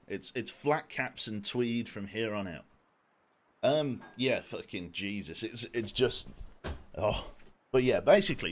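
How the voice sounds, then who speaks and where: A man's voice: lowish voice, slight background noise. A man in his twenties chatting casually on a live game stream, jokey and self-deprecating, swearing casually. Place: home room. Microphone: desk microphone.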